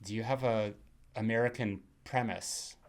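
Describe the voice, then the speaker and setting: A man's voice: lowish voice, fairly even intonation, moderate pace. A man hosting a horror film podcast, chatting casually and rambling with many fillers. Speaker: podcast host. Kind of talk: casual chat.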